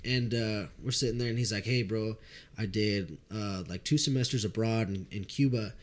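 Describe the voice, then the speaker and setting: A young man telling a drinking story in casual chat, animated and profane, often laughing. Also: lowish voice, normal speed.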